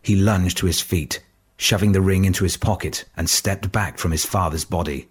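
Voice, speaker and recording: Deep slow guy reading a story out loud, kinda husky. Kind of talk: audiobook narration.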